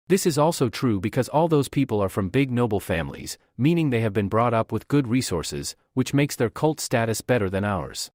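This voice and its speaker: A young commoner boy who pleads and urges acceptance of fate, as a male narrator puts him on. The pitch moves in a lively way at a middle height, with a dry, close sound. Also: no echo, lightly acted. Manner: pleading, resigned.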